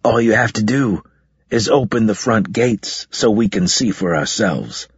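A man's voice: on the low side, expressive, unhurried, slightly rough, no echo, full character voice. A man voicing a young soldier who talks in a plain, matter-of-fact way. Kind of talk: audiobook character reading. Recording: dull, muffled audio.

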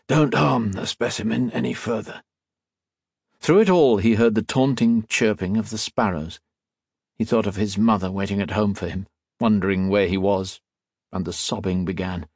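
A man with a lowish voice narrates an audiobook in a steady, measured storytelling manner. The sound is studio quality, with no room sound.

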